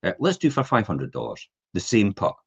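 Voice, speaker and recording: Animated husky man telling stories. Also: lowish voice, normal speed. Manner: animated storyteller acting out voices in anecdotes. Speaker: podcast host. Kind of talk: casual chat. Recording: dull lo-fi podcast audio.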